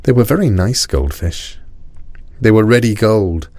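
A man reading a children's storybook aloud, expressive and playful. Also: fairly low pitch, unhurried, dry recording.

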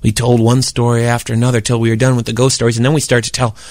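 A man telling a childhood camping story in a relaxed, conversational way, speaking directly to his listeners. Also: mid-range voice, rapid-fire, no echo, clean studio sound. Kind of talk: spoken storytelling.

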